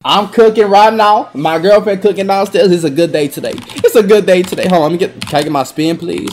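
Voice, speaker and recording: A young man giving excitable, trash-talking commentary while playing a basketball video game, swinging between low mutters and sudden yelps. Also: a little fast, slight background noise. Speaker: gaming YouTuber. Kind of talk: live gameplay commentary.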